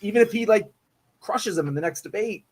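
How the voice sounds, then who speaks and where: A man's voice: high voice, lively intonation, a little fast, breathy edge. A man co-hosting a livestream, talking politics bluntly and casually, with some swearing. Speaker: livestream co-host. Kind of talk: casual political debate chat.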